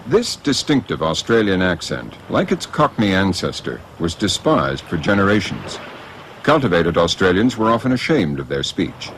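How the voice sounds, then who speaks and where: A man narrating a documentary in a scripted, measured delivery. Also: sits low, big pitch swings, a bit bright, slight background noise. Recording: music bed under narration.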